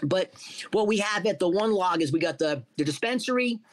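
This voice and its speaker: High-voiced, profane storyteller man. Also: brisk. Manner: profane, animated storyteller acting out quotes. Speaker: guest, cannabis entrepreneur. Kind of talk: casual interview storytelling.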